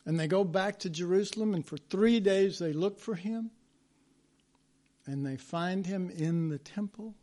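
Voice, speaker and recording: A man's voice: high-pitched, unhurried, dark tone. A man preaching a sermon in a conversational way, acting out biblical quotes as he goes.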